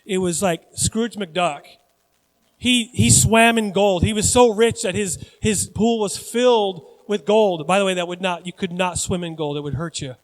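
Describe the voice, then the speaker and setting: A pastor in his forties preaching a sermon in a joking, conversational, animated way. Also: sits high, normal speed. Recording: long church hall reverb.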